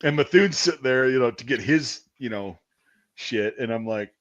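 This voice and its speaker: Speaking at a moderate pace in a mid-range voice, a podcast host swaps army stories in an easygoing, foul-mouthed way. His storytelling is animated, and the audio sounds dull and lo-fi.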